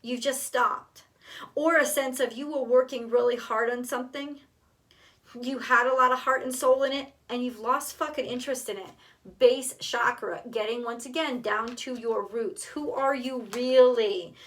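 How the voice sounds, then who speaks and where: A woman's voice: on the high side, fairly even intonation, unhurried, a bit bright, far from the mic. A woman doing a tarot card reading, talking straight to the viewer, emotional and blunt, swearing freely. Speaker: tarot reader.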